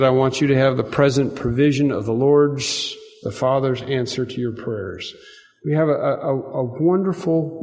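A man's voice: darkish tone, long reverb tail. A man preaching a sermon and leading prayer, earnest and repetitive, rising for emphasis. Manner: earnest, repeats phrases, rises in pitch and volume for emphasis. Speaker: pastor.

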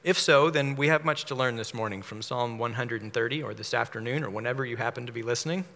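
A man preaching a measured sermon, explaining a psalm verse by verse. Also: medium pitch, sharp tone. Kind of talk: expository sermon. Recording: long hall reverb.

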